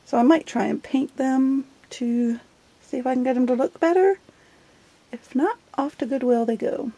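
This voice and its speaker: A woman's voice: high-pitched, moderate pace, mellow, slightly rough. A middle-aged woman chatting casually while flipping through her journal, giggly and self-deprecating. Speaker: journal vlogger. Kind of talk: casual show-and-tell chat.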